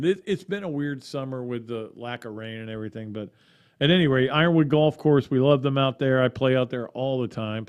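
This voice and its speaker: A middle-aged man hosting a sports podcast in a loose, chatty monologue. His voice sits at an ordinary pitch for a man. He rambles along with restarts and side comments. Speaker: podcast host.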